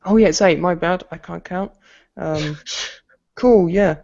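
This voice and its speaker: A man running a tabletop game as game master, relaxed and hesitant with many fillers. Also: sits high, slow pace, vocal fry. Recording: dull lo-fi home recording.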